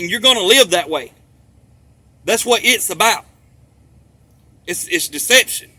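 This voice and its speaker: A man with a high, bright, sharp-edged voice rambles through a monologue. He hammers his points home with profanity and repetition, returning again and again to the same phrases. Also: dry recording. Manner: emphatic, profane, repeats himself for stress.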